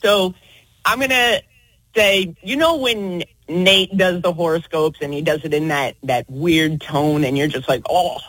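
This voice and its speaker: A woman's voice: lowish voice, a little slow, fairly bright tone, dry recording, low-quality recording. A woman calling in to a radio show, chatting casually and a little sheepish, laughing as she talks. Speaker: caller. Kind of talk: casual phone-in chat.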